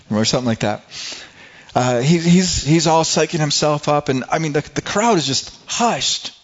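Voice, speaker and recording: A middle-aged man preaching a sermon as pastor, telling a story with frequent restarts and stretches of rising excitement. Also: fairly high pitch. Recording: slightly dull lo-fi sound.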